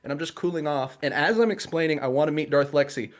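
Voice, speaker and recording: Man, guest cosplayer, casual storytelling, bit higher voice, laughs through it, video call. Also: fast. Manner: animated anecdote with laughs and quoted voices.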